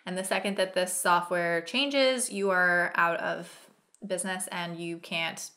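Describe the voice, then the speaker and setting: A woman's voice: fairly low pitch, steady tone, unhurried, pushed and bright. A freelance copywriter, a woman, gives casual, blunt reaction commentary and hammers her points home by repeating them.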